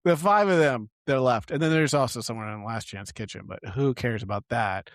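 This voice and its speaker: A man co-hosting a podcast, recapping a TV episode in casual, animated chat with plenty of fillers. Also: medium pitch, fairly quick, hardly any pauses, no echo. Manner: chatty, animated, lots of fillers. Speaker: podcast co-host.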